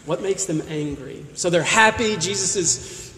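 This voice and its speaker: High-voiced preacher in an echoing hall. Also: male voice, measured pace, sharp tone. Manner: preaching with repeated rhetorical questions. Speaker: pastor. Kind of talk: sermon. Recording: echoey hall with long reverb.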